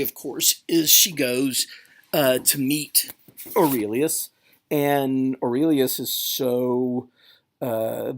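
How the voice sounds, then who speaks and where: Gravelly-voiced man lecturing a class. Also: medium pitch. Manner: conversational, animated, many fillers and restarts. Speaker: literature lecturer. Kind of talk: classroom lecture with paraphrased readings.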